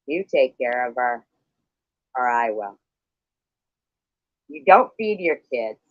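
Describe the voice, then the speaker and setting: A man's voice: medium pitch, expressive, slow pace, dry recording. A man in a heated livestream argument, hostile, profane and accusing. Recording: dull lo-fi stream audio.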